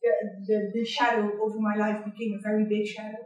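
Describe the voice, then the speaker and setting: A middle-aged woman with a Dutch accent, giving a candid, personal university lecture in a large hall, often pausing on "um" and checking in with "right?". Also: medium pitch, monotone, a little mellow, dull audio. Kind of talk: public lecture. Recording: echoey hall, distant mic.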